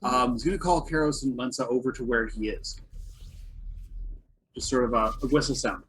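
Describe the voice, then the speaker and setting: A man's voice: mid-range voice, normal speed, fairly bright tone, a little hiss or hum. A man playing a tabletop game, planning his character's turn hesitantly with many ums. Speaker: player. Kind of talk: casual tabletop game talk.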